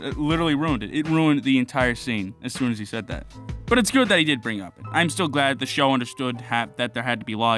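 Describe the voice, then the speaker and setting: A man's voice: medium pitch, a bit bright. A young man giving a casual, profane, rambling reaction commentary on a show, swearing a lot and laughing often. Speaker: anime reviewer. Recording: faint music behind.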